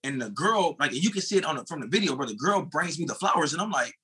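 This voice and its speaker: American guy in his 30s, ex-sprinter, talks quick with a husky edge, loose and animated. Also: a little high. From United States. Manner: animated, swears casually, calls the host bro. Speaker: guest, former sprinter. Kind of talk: casual storytelling.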